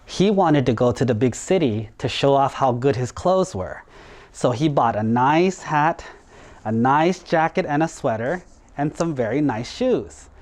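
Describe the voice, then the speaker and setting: A monk telling a story in a children's sermon, in an animated, playful way. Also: male voice, medium pitch, measured pace.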